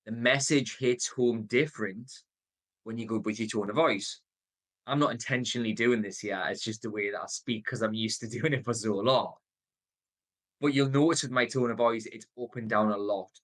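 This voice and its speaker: A man in his thirties with a Geordie accent, giving a motivational sales coaching talk, stressing words, pausing on purpose and shifting his pace. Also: mid-range voice, fairly bright tone. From North East England. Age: 30s. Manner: varies tone and pace, deliberate pauses, emphatic.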